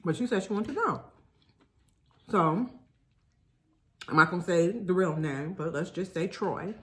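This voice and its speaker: A young woman vlogger chatting casually to viewers while eating, telling a story in an animated way. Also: fairly low pitch, a little slow. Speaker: mukbang vlogger.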